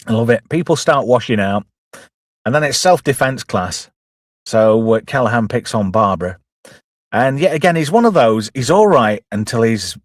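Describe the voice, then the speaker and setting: Reading chat messages aloud and mimicking characters in silly voices, a middle-aged man hosts a casual, joking film commentary. He has a fairly low voice, captured in studio quality with no room sound.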